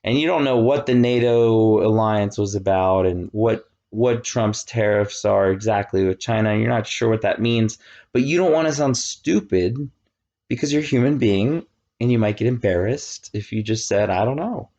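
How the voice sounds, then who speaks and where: A man in his thirties giving a casual, animated classroom lecture, often checking that students follow. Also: on the low side, moderate pace, lo-fi sound. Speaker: college lecturer.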